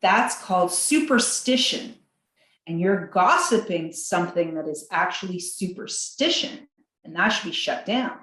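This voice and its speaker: Woman, podcast guest, fairly low voice, animated, acted-out quotes, roomy echo. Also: unhurried. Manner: animated, acts out quotes in a higher voice; laughs between points. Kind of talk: podcast interview.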